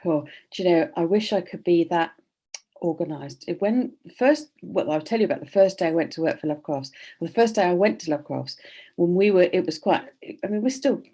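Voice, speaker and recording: A woman talks in a relaxed, rambling way on a craft livestream, with a slightly low voice that has a husky edge. She is recording at home over a video call. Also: a little fast. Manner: chatty, rambling, laughs often. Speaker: livestream host. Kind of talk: casual chat on a livestream. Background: dog.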